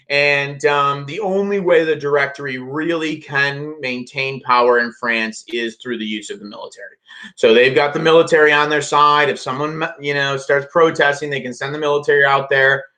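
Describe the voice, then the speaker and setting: A man's voice: fairly high pitch, sharp tone. A man teaching a casual history review lesson to students, talking loosely with many fillers and restarts. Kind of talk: casual classroom review lecture.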